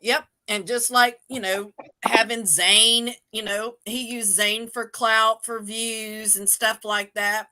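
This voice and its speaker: A woman with a bright, forceful voice tells a story on a casual livestream. She swears freely and talks in an animated way. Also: a little high, slow, hardly any pauses. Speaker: show host.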